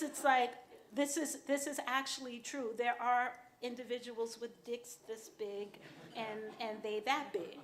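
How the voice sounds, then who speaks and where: Frank woman storyteller, slow and profane. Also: a little high, slight background noise. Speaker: author telling a story on stage. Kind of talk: live storytelling. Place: small club stage.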